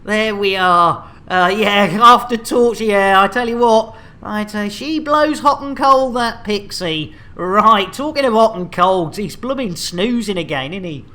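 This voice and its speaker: A man's voice: high voice, lively intonation, unhurried, hardly any pauses, bright, forceful tone. A man casually bantering while streaming a game, rambling and joking with laughs. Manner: jokey, rambling, laughs a lot.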